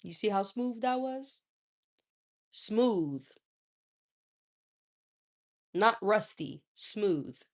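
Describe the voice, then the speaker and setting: A woman's voice: medium pitch, expressive, takes it slowly, hardly any pauses. A woman hosting a livestream, ranting in a sassy, profane and indignant way. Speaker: livestream host. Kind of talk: casual livestream rant.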